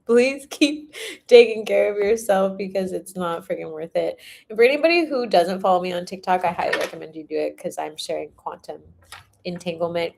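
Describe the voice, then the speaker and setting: Young woman tarot reader chatting live, lowish voice with some fry, laughs a lot. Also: darkish tone, slight background noise. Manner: laughs often, swears casually, drifts into humming. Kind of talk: casual livestream chat.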